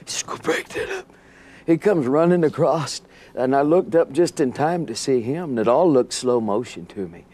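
A man telling an animated story as a guest on a TV interview. He laughs often and acts out the scenes. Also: medium pitch, moderate pace.

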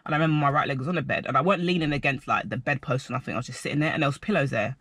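A young man telling a rambling personal story to camera, animated and full of filler words. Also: mid-range voice, racing, breathy edge, no echo. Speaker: vlogger.

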